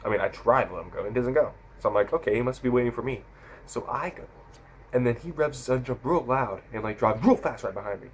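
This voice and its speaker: A sixteen-year-old boy vlogger rambles through stories into his camera mic, correcting himself often as he animatedly retells them. His voice is mid-range and quick, and the rough recording carries a little hiss or hum.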